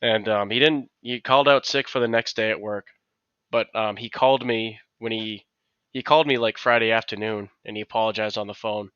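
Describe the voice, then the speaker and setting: A man's voice: lowish voice, steady tone, brisk, fairly bright tone, smooth, no room sound, highs cut off. A man co-hosting a podcast, telling a long anecdote in casual chat, rambling with many restarts and acted-out quotes. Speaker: podcast co-host.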